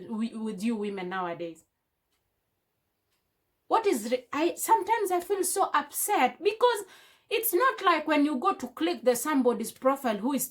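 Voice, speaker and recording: A young woman, a beauty vlogger, chatting with feeling and firing off rhetorical questions while she does her makeup at home. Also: a little high. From Africa. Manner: impassioned, full of rhetorical questions. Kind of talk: casual chat while doing makeup. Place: indoors at home.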